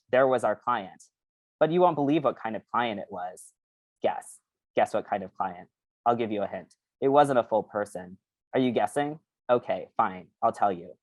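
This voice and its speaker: At a bookstore event, a male author with a medium-pitched voice reads his novel aloud. Afterward he discusses how he wrote it, hesitating often and using many fillers, recorded with no room sound.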